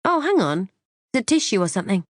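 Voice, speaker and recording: A woman voicing a shrill woman in her thirties, explosive and accusing, in audiobook dialogue. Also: big pitch swings, fast, no room sound, studio quality. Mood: feigned alarm. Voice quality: shrill, high-pitched. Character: woman in her 30s, shrill, feigning shock and outrage.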